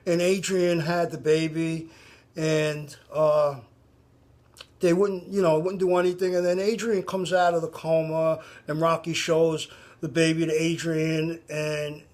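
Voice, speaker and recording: A man's voice: fairly high pitch, little pitch movement, a little slow, darkish tone. A man making a casual, rambling appeal to a band, full of restarts and repeated "you know". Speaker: fan addressing a band. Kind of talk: casual direct-to-camera appeal.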